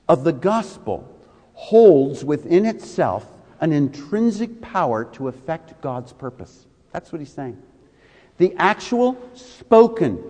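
Animated male pastor preaching in a reverberant hall. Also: on the high side. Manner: emphatic, drawn-out stresses on key words. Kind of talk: sermon.

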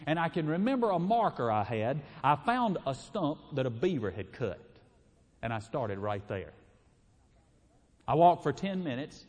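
A middle-aged man, telling a homespun story in a sermon as a preacher, folksy and chuckling. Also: medium pitch. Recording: reverberant hall.

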